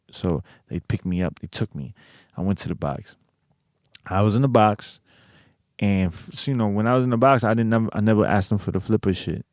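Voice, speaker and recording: An American man, a guest in a casual interview, tells a personal story in a low, slightly mellow voice with no room sound. His manner is profane and streetwise, full of swearing and filler phrases.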